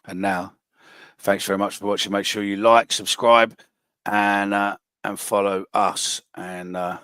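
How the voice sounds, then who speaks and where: Blunt man, very low voice, dry close mic, podcast host reading fan predictions. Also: level tone, measured pace, fairly bright tone, clear, resonant tone, dry recording. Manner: blunt, swears freely. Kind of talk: casual football podcast chat.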